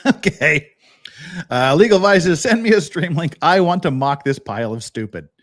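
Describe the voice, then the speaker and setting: A man's voice: a little high, normal speed. A man hosting a live legal commentary stream, joking with his chat and breaking down a lawsuit. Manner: animated, joking, chatty with chat. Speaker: podcast host.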